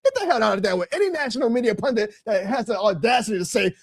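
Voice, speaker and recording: Fiery, profane man ranting fast. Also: lively intonation, no room sound, studio quality. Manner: fiery, profane, loud and indignant, dropping into low mutters. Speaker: host of a live sports stream. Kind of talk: ranting sports commentary.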